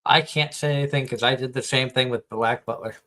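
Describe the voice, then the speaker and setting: A man's voice: medium pitch, fairly even intonation, a little fast, sharp tone. A man co-hosting a livestream, chatting casually while gaming, reading off lists and teasing his co-host.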